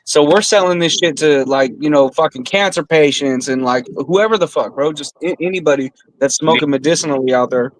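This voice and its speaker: A man's voice: on the high side, fairly quick, hardly any pauses, no echo, poor audio. A man co-hosting a podcast, telling rambling stories in casual chat, swearing a lot and calling everyone bro. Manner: profane, storytelling, says bro often. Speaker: podcast co-host.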